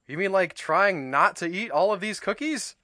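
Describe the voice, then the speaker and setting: A man voicing Toad, an excitable and fretful male toad from a children's storybook, who speaks in an eager, pleading, raised voice. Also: high-pitched, normal speed, no room sound, studio quality, voice pushed up.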